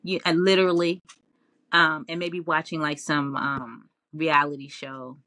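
A woman guest in a casual interview, telling her story in an animated way with lots of laughs and fillers. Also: low voice, measured pace, dry recording. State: tearful, near crying.

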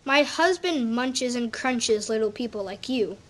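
A woman voicing a giant's kindly wife in a storybook reading, giving hushed, urgent warnings. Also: a little high, expressive, measured pace.

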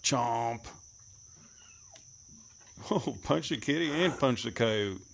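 A man with a drawl chats to his pets outside, teasing, scolding and coaxing them. His voice is gravelly and his pitch swings widely, often leaping into high coaxing calls. Faint crickets and insects fill the rural air behind him. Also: animated, normal speed, a little hiss or hum. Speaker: animal keeper filming his pets. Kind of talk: casual running commentary to animals. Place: outdoors, rural.

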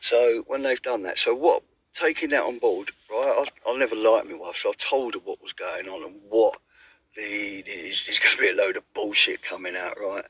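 A man recounting his own troubles in a halting, stumbling way, repeating words as he goes. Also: on the low side, a bit bright, breathy edge, poor audio. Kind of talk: confessional personal account.

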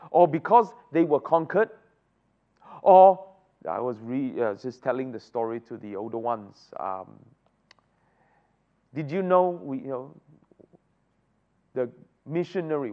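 A man teaching a Bible study, often asking the group rhetorical questions. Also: a little high. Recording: dull lo-fi recording.

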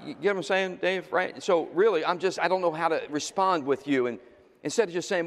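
A man preaching a sermon as the pastor, talking in a loose, conversational way and jumping from loud exclamations to quiet asides. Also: on the high side, brisk. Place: church sanctuary. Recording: reverberant church hall.

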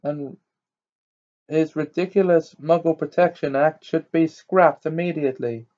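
A man's voice: fairly high pitch, a little slow, dark tone, muffled recording, natural voice. Malfoy, a sneering snobbish schoolboy, as a man puts him on. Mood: scornful. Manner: haughty and snide, slightly raised voice. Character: sneering, scornful rich schoolboy.

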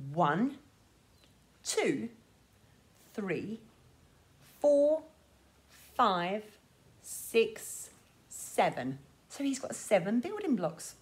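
A woman leading a sing-along class for young children in a lively, sing-song way. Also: fairly high pitch. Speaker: children's music class teacher.

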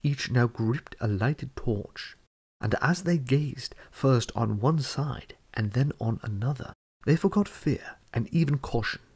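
A man narrating a fantasy storybook chapter in a measured reading voice. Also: medium pitch, darkish tone, breathy edge. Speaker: audiobook reader.

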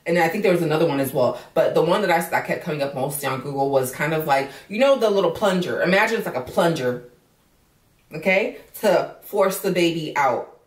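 A woman's voice: low-pitched, expressive, fairly quick. A woman vlogger in casual commentary, outspoken and indignant, swearing freely. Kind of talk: casual commentary on a news story. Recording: roomy echo, voice from a distance.

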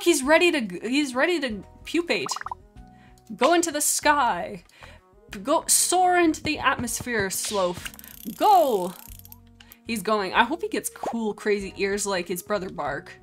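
Young female streamer, bright excitable chatter with gasps and laughs, soft game music underneath. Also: fairly high pitch. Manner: excitable, giggly, gasping, voices the pets' thoughts. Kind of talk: casual gameplay commentary.

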